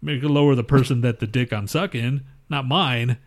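Male co-host, middle pitch, casual, rambling, swears a lot. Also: brisk. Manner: rambling, profane, animated retelling. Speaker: podcast co-host. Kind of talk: casual crude storytelling.

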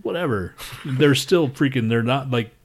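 A man co-hosting a podcast, talking in loud, profane, ranting casual banter. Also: medium pitch, moderate pace. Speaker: podcast co-host.

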